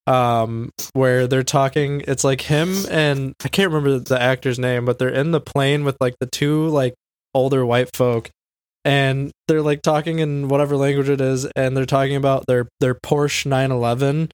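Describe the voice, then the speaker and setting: A man's voice: mid-range voice, steady tone, normal speed, clean tone, dry recording. Rambling man telling a story casually. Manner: rambling, heavy use of "like", swears. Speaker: podcast co-host.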